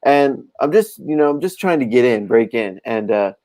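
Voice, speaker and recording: A man chatting on a podcast as a comic book artist, telling profane, animated stories. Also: medium pitch, moderate pace. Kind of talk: casual podcast chat.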